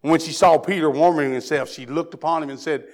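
A man from Tennessee with a Southern accent, preaching a sermon that moves from hushed prayer to loud, fervent preaching. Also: on the high side, fairly even intonation, fast.

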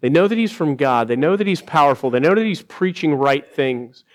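A man preaching a sermon, his voice sitting a little high. He speaks earnestly, slowing down to stress his points and lifting his voice when he quotes others. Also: lively intonation. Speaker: pastor.

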